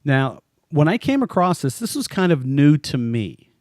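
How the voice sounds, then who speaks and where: A man's voice: fairly high pitch, big pitch swings, moderate pace, a little mellow, dry recording, studio quality. Chatty, laughing male podcast co-host. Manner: chatty and joking, laughs often mid-sentence. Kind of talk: casual podcast chat.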